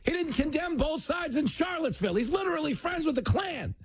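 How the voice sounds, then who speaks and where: A man doing a shrill, accusing heckler. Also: lively intonation, brisk.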